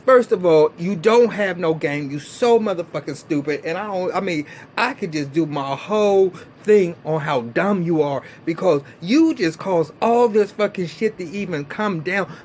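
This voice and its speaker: A man giving a casual vlog review of a TV episode, ranting in an animated, profane and exasperated way. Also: high-pitched, normal speed, hardly any pauses, slight background noise. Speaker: TV show reviewer.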